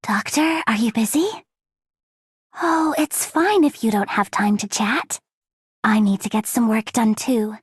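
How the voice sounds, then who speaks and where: A gentle American game medic. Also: female voice, a little high, measured pace, breathy edge, dry recording, clean studio sound. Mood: friendly. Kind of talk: game voice acting.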